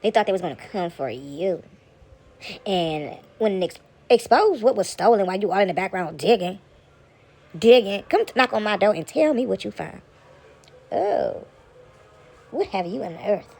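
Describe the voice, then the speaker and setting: A woman's voice: mid-range voice, lively intonation, moderate pace, gravelly, mellow, slightly rough. A woman at home giving casual spiritual commentary to her viewers, rambling and repeating herself and slipping into mocking voices. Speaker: vlogger. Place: at home, sitting back among laundry.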